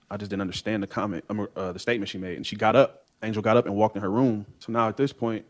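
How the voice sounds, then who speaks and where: Witness, male, low voice, talks fast, court testimony, plays out other people's lines. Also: fairly even intonation. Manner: rapid storytelling that acts out others' remarks. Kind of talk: courtroom testimony, recounting events.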